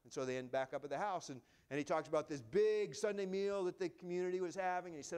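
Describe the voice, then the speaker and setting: A pastor telling a story from the pulpit, his voice sitting a little high for a man. He talks conversationally, stumbling and restarting, and sinks to a hush when the story turns tender. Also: quick pace, hardly any pauses, clean tone. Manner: conversational, many restarts, drops to a hushed voice for emotional moments. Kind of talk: sermon storytelling.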